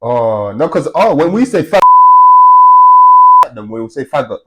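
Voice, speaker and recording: A man's voice: medium pitch, very animated, measured pace, background noise. A man hosting a podcast in casual chat, playful and full of slang, laughing often. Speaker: podcast host.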